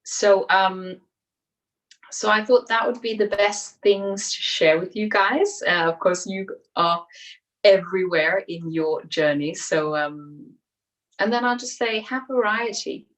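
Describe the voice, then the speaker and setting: A woman's voice: medium pitch, takes it slowly, fairly bright tone, far from the mic, low-quality recording. A woman public speaking coach giving an encouraging online workshop talk, acting out people's inner voices.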